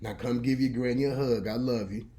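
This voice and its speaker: A man's voice: mid-range voice, steady tone, fairly quick, warm tone, close to an everyday voice. A man voicing his stern, loving old grandmother in a retold story, her voice raised and firm. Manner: scolding, firm.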